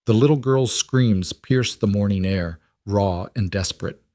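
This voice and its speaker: A man's voice: fairly low pitch, a little slow, a little mellow, no echo, clean studio sound. A man reading a dramatic story in a scripted narration style.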